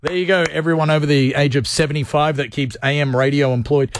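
A man's voice: on the high side, fast talker, few pauses, dry recording, clean studio sound. A man hosting a comedic radio show, joking loosely and switching into a mock announcer voice. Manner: animated, jokey, mock announcer voice at times. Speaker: radio host.

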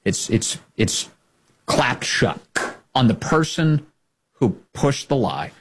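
A man's voice: mid-range voice, big pitch swings, slow pace, slight background noise. A man hosting a political commentary show, mocking and incredulous, firing off rhetorical questions. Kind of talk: sarcastic commentary monologue.

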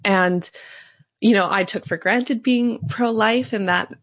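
Speaking slowly in a medium-pitched, slightly bright voice, a Canadian woman recounts her story as an interview guest. She is a pro-life advocate, earnest and fluent, and the studio-quality audio has no room sound.

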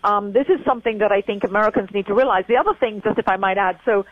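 A woman's voice: medium pitch, fast talker, dry recording, narrow, tinny audio. A woman in her sixties with an English accent, giving an interview as a guest and repeating her points for emphasis. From England. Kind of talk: remote interview.

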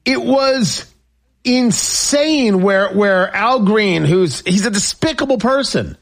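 A man's voice: sits high, animated, slow, creaky. A man hosting a talk radio show, speaking in an emphatic, repetitive monologue.

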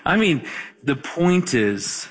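A man in his forties telling animated, laughing stories as a guest on a marriage talk show. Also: a little high, takes it slowly, breathy edge. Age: 40s. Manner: animated storyteller, laughs while talking. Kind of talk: conversational radio talk.

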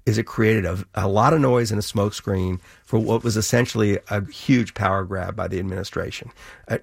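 Middle-aged guy being interviewed, gravelly husky low voice, animated storyteller. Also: no room sound, clean studio sound. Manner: animated storyteller, acts out quoted exchanges. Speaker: author and guest. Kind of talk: conversational interview.

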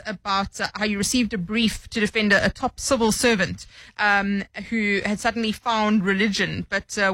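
A woman's voice: mid-range voice, a bit bright, no room sound, low-quality recording. Woman radio host, dry close mic. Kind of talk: radio interview.

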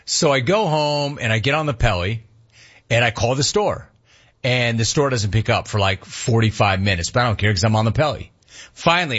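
Radio host, male, husky, spins a frustrated story with acted-out quotes; slightly muffled audio. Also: medium pitch, fairly quick. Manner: animated, exasperated retelling with quoted voices. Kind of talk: casual storytelling on air.

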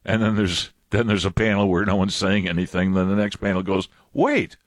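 A man's voice: deep voice, level tone, a little fast, dry recording, studio quality. A pastor giving a conversational sermon, a man whose casual, digressive telling often breaks into chuckling asides.

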